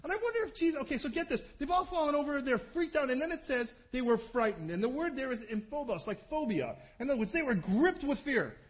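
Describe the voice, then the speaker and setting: Man, pastor, sermon, animated storytelling, high voice, very lively pitch. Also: quick pace, hardly any pauses. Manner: animated, acts out scenes with voices.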